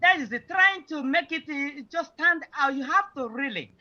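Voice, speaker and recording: A woman's voice: sits high, animated, moderate pace, bright, forceful tone, dull audio. A woman teaching an online Igbo class, patiently explaining grammar and mixing English with Igbo example phrases.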